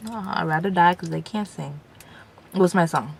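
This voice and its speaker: A woman's voice: lowish voice, moderate pace, vocal fry, husky. A young woman in her late teens, rambling through a casual vlog rant from inside a car, full of fillers. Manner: rambling, chatty, filler-heavy. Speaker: vlogger.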